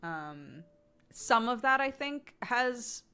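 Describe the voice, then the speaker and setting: A woman's voice: on the high side, big pitch swings, slow, sharp tone, clear, resonant tone, faint music behind. An American woman in her thirties chatting casually with her stream chat, with lots of laughter and fillers like "um" and "like.". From United States.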